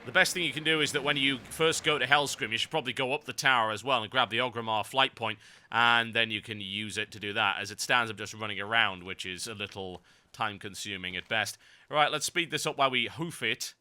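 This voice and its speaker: A man narrates a video game guide in a sarcastic, ranting way, breaking into theatrical mock-grand lines. His voice is very bright and sharp. It is an average-pitched voice, recorded as a voice-over on game footage. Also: fairly quick. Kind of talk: gameplay guide commentary.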